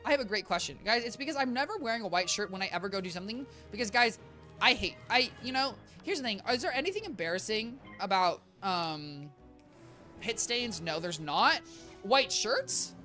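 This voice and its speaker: A woman's voice: on the high side, big pitch swings, brisk, bright, forceful tone, soft background music. A young woman streaming a game from her apartment, rambling playfully and talking straight to her chat. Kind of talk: casual gameplay chatter. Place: home apartment.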